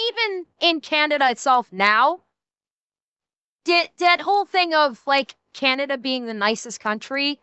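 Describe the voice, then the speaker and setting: A high, bright woman talking bluntly on a reaction stream, swearing freely and stumbling into restarts as she makes her point. The sound is close and dry, with no room around it. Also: dry recording. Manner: blunt and profane, with frequent restarts. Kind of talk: casual reaction chat.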